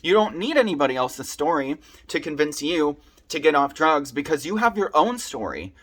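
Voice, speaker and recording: A man's voice: a little high, sing-song, moderate pace, a bit bright. A young man speaking earnestly and from the heart to his viewers, sharing advice from his own experience in a personal video. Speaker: vlogger sharing his recovery story. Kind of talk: personal advice talk to camera.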